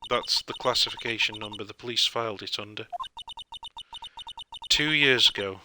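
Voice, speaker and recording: A composed prosecutor speaks in a measured, formal, softer tone, as a man reads him. His voice sits lower and quieter than usual. Game music plays under him. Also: close to an everyday voice.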